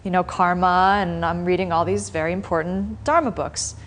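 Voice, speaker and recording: A woman's voice: on the low side, fairly even intonation, normal speed, natural voice. Flustered earnest male monk, voiced by a female teacher in a class story.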